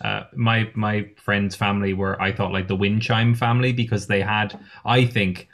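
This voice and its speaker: A man's voice: fairly low pitch, flat delivery, moderate pace, fairly bright tone. A man narrating as game master in a casual tabletop session, hesitant with many fillers.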